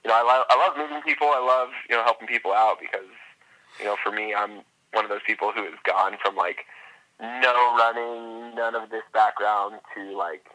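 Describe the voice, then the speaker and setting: A man with a fairly low but very bright, sharp voice, chatting as a podcast guest. He talks in an upbeat, rambling way, peppering every thought with fillers. His voice comes through a phone-like line. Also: fairly quick. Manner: chatty, upbeat, full of fillers like "like" and "you know". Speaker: podcast guest, endurance runner. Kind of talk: casual interview chat.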